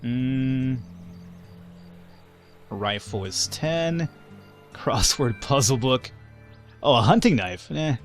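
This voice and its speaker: A man's voice: medium pitch, animated, slow, pauses often, faint music behind. Chatty young man commenting on gameplay. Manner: chatty and joking, with casual swearing. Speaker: let's play host.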